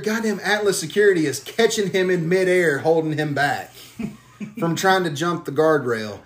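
A man hosting a casual podcast, spinning long stories full of cursing. His voice sits a little higher than most men's. He talks in an animated, easygoing way. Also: normal speed, slight background noise. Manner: profane, animated storyteller. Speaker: podcast host.

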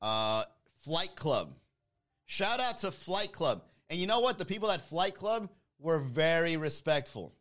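A man's voice: a little high, a little slow. A man hosting a podcast, telling a comic story and acting out the people in it. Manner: animated, mimics people in his story. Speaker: podcast host.

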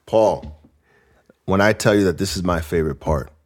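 A man hosts a laid-back comedy podcast, reading listener letters out loud, laughing a lot, and keeping his delivery lively and full of jokes. His voice is low and his pace moderate.

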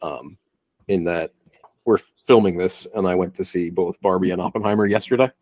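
A young man with a deep, slightly mellow voice at a moderate pace co-hosts a podcast, recorded dry. Chatting casually about a film, he drifts and restarts his sentences, with a profane aside here and there.

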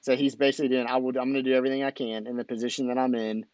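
A man co-hosting a podcast, talking through a sports story in casual chat, upbeat and quick in bursts. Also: medium pitch, level tone, darkish tone, no echo. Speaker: podcast co-host.

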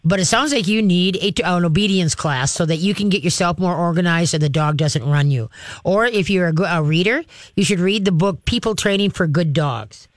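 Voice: mid-range voice, a little fast, dry recording. Direct dog trainer hosting a call-in show. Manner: direct, practical and coaching, acts out commands to dogs. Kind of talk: call-in advice.

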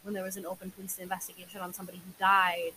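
A woman's voice: on the low side, monotone, rapid-fire, bright, forceful tone, slight background noise, rough recording. A young woman co-hosting a true crime podcast, recounting case details casually with many filler words. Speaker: podcast co-host.

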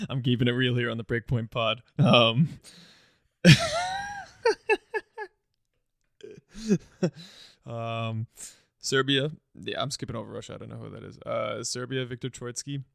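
A man co-hosting a sports podcast in casual chat, relaxed and teasing, often starting his lines with "um". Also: mid-range voice, normal speed, gravelly, dry recording, studio quality. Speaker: podcast co-host.

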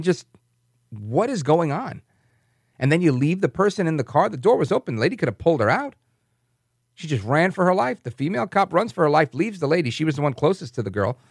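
A man's voice: fairly high pitch, dry recording, clean studio sound. A middle-aged man, hosting a talk radio show and ranting as he tells a story, now and then mimicking other people's voices.

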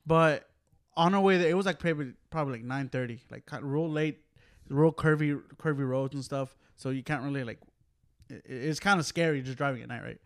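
Slightly high-voiced man, relaxed chat. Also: a little fast. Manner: relaxed, laughs often, says "like" and "dude". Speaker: podcast co-host. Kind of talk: casual chat.

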